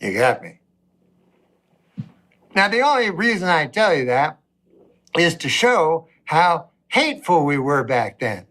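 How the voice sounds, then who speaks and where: Deadpan, rambling male comedian. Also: a little high, measured pace. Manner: deadpan, rambling, mock-outraged asides. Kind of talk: deadpan stand-up storytelling.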